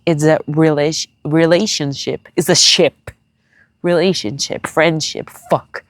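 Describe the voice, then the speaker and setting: A young woman talking to her viewers in a tearful personal vlog, halting and searching for words in English, which is not her first language. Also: low-pitched, fairly even intonation, no echo. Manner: confiding, speaks straight to viewers. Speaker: vlogger.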